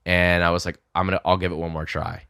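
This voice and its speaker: A young man telling a lively story in casual chat, swearing freely and acting out the people he quotes. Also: deep voice, fast, vocal fry, smooth, no echo, studio quality. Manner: animated, swearing, acts out quotes. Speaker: podcast guest.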